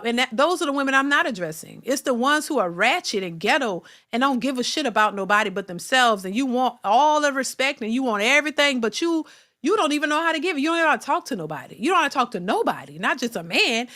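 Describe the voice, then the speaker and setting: A woman's voice: high-pitched, pushed and bright. A middle-aged woman, ranting in blunt, repetitive commentary as a channel host. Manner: emphatic, repetitive, blunt and profane. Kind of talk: casual commentary rant.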